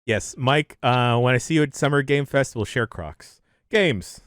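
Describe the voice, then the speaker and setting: A man's voice: medium pitch, measured pace. A man hosting a podcast, steering the chat back to the topic with mock-hurt jokes. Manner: steers the talk, mock-wounded joking. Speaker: podcast host.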